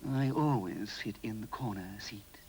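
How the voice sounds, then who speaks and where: A man's voice: on the low side, darkish tone, breathy edge, heavily acted. A man doing a snooty drawling pink toy cat. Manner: slow, drawling and haughty.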